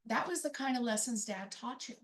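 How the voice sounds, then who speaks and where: A woman's voice: a little high, fairly quick. A woman telling a personal story about her family at a live storytelling event, conversational and wry. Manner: conversational, wry, acts out family members' quoted lines.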